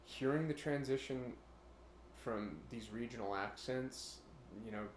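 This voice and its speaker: A man co-hosting a podcast rambles through a casual chat, slipping into brief imitation voices and sounding a little nervous about recording. His mid-range voice moves at a measured pace. The room is echoey, with a little hiss or hum.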